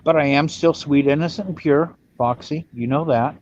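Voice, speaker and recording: A man's voice: fairly high pitch, normal speed, darkish tone, lo-fi sound, a little hiss or hum. A man from Ireland hosting a casual livestream chat, blunt and self-mocking in how he talks. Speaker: livestream host.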